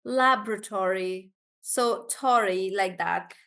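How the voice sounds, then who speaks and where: A woman teaching English pronunciation in a live online class, slowing down and stretching words to show where the stress falls, and calling her students by name as she answers them. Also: on the high side, expressive, a bit bright.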